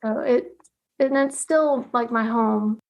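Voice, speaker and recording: The guest, an artist, shares an emotional personal story slowly in a fairly high voice, laughing often, getting tearful, and performing the exchanges she recalls. The recording sounds muffled.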